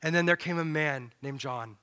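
A man preaching a sermon in an animated, dramatic way, dropping to a low hush and then swelling loud. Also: normal speed, smooth.

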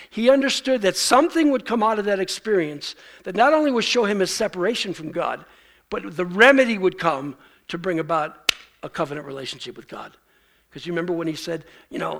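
A man's voice: high-pitched, fairly quick, creaky, fairly bright tone. A male pastor preaching a sermon in a conversational way, acting out the lines he quotes.

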